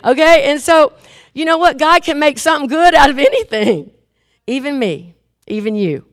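A woman preaching a sermon and leading a closing prayer, lively and laughing at times, turning earnest and quiet when she tells a story. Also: high voice, moderate pace, no echo, studio quality.

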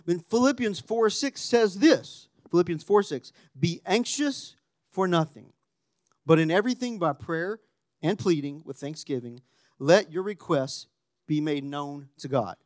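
A man preaching a sermon, animated and conversational, dropping to a hushed voice when acting out quotes. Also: high voice, dry recording, clean studio sound. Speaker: pastor.

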